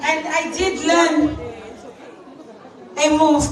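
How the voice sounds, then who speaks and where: Slow high-voiced woman MC in an echoing hall. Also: flat delivery. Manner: measured, repeats calls for quiet. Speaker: event MC. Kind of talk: announcing to a hall. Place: large indoor hall. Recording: echoey hall from far off, crowd behind.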